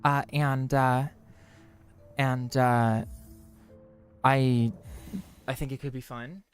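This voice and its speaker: A man's voice: mid-range voice, level tone, extremely slow, smooth, soft background music. A young man streaming, chatting in a rambling, self-mocking way as he games. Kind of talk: casual chat while gaming.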